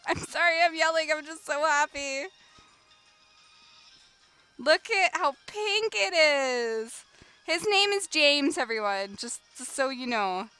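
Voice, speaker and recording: A young woman streaming a game live, chatting casually and bursting into excited shrieks, with music playing behind her. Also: on the high side, clear, resonant tone. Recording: background music under the voice.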